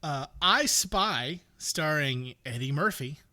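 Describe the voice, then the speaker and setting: Man, podcast host, casual movie chat, dry sarcasm, bright tone, somewhat high voice. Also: lively intonation, takes it slowly. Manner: dry, sardonic, reads off film credits.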